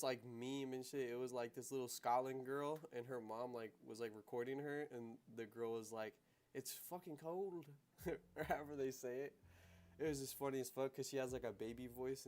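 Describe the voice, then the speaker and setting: His mid-range voice has a darkish tone. He's a young man from the United States hosting a casual livestream, slangy and loose, sprinkling in "bro" and "you know what I'm saying," wandering into asides and laughing easily.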